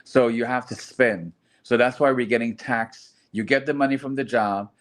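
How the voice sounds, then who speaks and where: A man's voice: mid-range voice, steady tone, moderate pace. A man in casual group chat, earnestly explaining his views and restarting phrases as he thinks.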